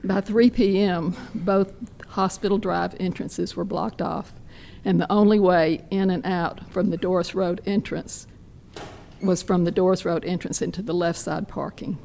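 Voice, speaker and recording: A hoarse woman giving a detailed, measured public comment at a podium mic in a county meeting room. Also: on the low side, steady tone, dark tone, slight background noise.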